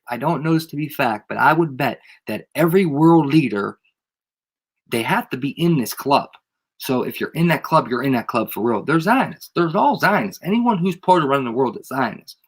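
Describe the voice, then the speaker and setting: With a husky, mid-range voice, this stuffed-up channel host rants casually to viewers watching live. He's slangy and emphatic, circling back to the same points repeatedly.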